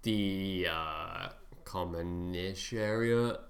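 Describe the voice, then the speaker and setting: A man's voice: deep voice, lively intonation, normal speed, fairly bright tone. A man from England with a southern English accent worn mostly American, co-hosting a podcast in playful, teasing casual chat. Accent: Southern English mixed with American. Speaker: podcast co-host.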